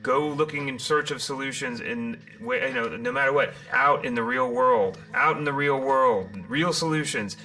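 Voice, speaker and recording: A man hosting a live-streamed tarot reading, theatrical and rambling, with loud bursts, muttered asides and many restarts. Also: medium pitch, animated, moderate pace, vocal fry, few pauses, soft background music. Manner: rambling with frequent restarts and fillers.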